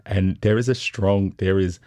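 A man's voice: deep voice, moderate pace, dry recording, studio quality. A man with an Australian accent, a festival co-director, telling personal stories in a casual interview and acting out the quoted voices. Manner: animated anecdotes, acts out quotes.

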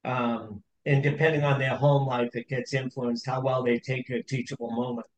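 A middle-aged man hosting a conversational interview, speaking in a thoughtful, measured way with pauses. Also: medium pitch, flat delivery. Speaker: host. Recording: echoey room.

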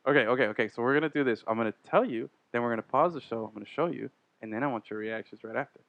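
A man's voice: medium pitch, racing, creaky, a bit bright, no room sound, highs cut off. A young man co-hosting a sports podcast, chatting casually and laughing as he leads the segments. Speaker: podcast co-host.

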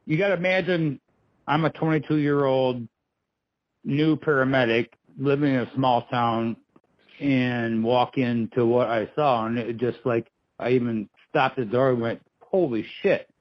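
A man's voice: mid-range voice, fairly even intonation, a little slow, lo-fi sound. A man in his fifties, a paramedic, talking frankly and bluntly in an interview. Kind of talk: interview conversation.

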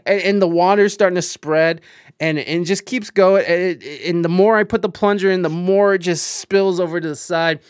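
A young man live streaming, telling a story in a casual, animated way with lots of swearing, fillers and restarts. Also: sits high, normal speed, clear, resonant tone, no room sound, studio quality.

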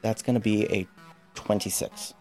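A man's voice: lowish voice, fairly even intonation, normal speed, loud music behind the voice. A man playing a tabletop role-playing game, chatting casually and laughing often. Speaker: player.

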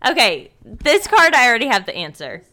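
Giggly young woman, lively bright voice. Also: fairly high pitch, fairly quick. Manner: giggly, chatty, lots of fillers. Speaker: podcast co-host. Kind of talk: casual chat.

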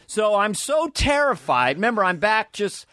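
A man's voice: high voice, normal speed, no echo. Male comedian guest, storytelling, jumps into impressions; dry, close mic. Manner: animated, slips into quoted voices, swears. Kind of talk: casual podcast interview storytelling.

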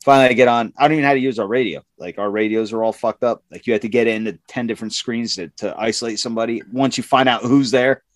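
This man has a mid-range voice and talks quickly with hardly any pauses, in a dry recording. Casually chatting, he relates a profane work tale, acting out the people in it and raising his voice for their quotes.

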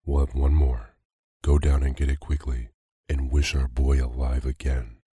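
Man reading a desperate old wife, feverish, pleading, very husky deep voice, storybook. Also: level tone, moderate pace, mellow, dry recording, studio quality, full character voice. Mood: frantic. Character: grieving old wife, frantic with desperate hope.

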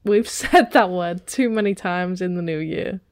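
A woman's voice: on the low side, unhurried, no echo. Woman podcast host telling a story, playful, dry close mic. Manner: playful, laughs often, reads stories aloud. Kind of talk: casual storytelling chat.

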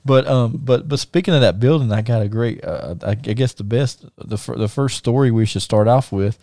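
A man's voice: medium pitch, normal speed, dark tone, no echo, clean studio sound. A man hosting a podcast, casually telling rambling stories with frequent laughter and restarts. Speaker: podcast host and wrestler. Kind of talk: casual storytelling chat.

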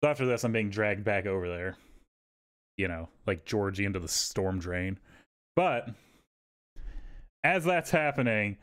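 A man on a podcast telling a rambling, profane story and acting out the people in it. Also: medium pitch. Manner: animated, swearing, acts out quotes in raised voices. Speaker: podcast co-host. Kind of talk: casual storytelling chat.

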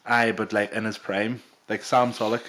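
A man's voice: on the low side, little pitch movement, normal speed, a bit bright. A man, co-hosting a podcast in casual, teasing banter and swearing freely. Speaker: podcast co-host.

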